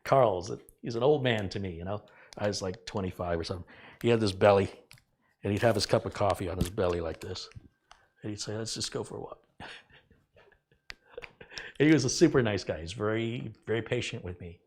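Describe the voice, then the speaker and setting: A man's voice: on the low side, a little fast, pauses often, breathy edge. Man telling a work story animatedly. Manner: animated, acts out quoted dialogue with laughs. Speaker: tech video host. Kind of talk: casual storytelling.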